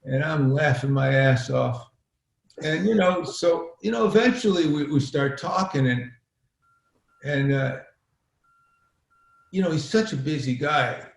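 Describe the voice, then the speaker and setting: A middle-aged man spins a long, rambling story, swearing freely as he goes. His voice sits a touch high and carries a roomy echo. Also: lively intonation, a little slow, gravelly, long pauses. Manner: rambling, profane, acts out quoted exchanges. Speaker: podcast guest, filmmaker. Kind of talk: casual storytelling.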